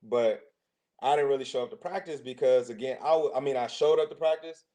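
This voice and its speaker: A man trades casual stories as a podcast guest, and he keeps acting out what the people around him said. His pitch sits in the middle for a man. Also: a little fast. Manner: lively anecdotes, acting out quoted voices. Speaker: guest, former football player and coach. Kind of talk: casual storytelling.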